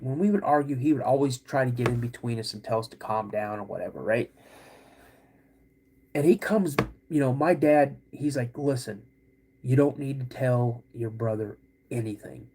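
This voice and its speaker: A middle-aged man hosting a podcast, telling a personal story in an animated way, acting out quoted voices and calling his listeners "guys". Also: medium pitch, husky. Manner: acts out quoted voices of his dad and himself. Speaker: podcast host.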